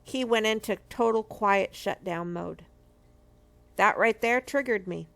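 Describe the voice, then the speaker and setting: A middle-aged woman speaks in an earnest, emphatic way, teaching from her own story for a marriage ministry. Her mid-pitched voice carries a steady gravelly fry, and she leans on repeated phrases to drive each point home. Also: unhurried. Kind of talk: personal testimony teaching.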